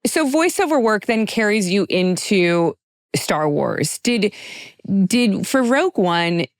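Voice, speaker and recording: A woman's voice: medium pitch, very animated, slow pace, no room sound, studio quality. A woman hosting a casual interview, asking enthusiastic, rambling questions full of "like". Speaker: podcast host.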